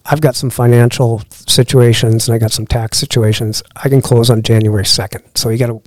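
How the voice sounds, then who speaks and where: A man's voice: mid-range voice, brisk, no room sound. A middle-aged man, a podcast guest, telling a long anecdote in a casual way and acting out the dialogue of the people in it. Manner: lively anecdote-teller who acts out quoted dialogue. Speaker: podcast guest, lodge owner. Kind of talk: casual storytelling.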